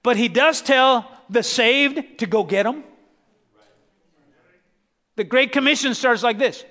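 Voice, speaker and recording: A pastor preaches in a high, light voice that rings through a reverberant hall. He calls straight out to the congregation and swings between loud urging and quiet, hushed lines. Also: takes it slowly. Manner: preachy, addresses crowd directly, dramatic swings from loud to hushed. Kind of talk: sermon.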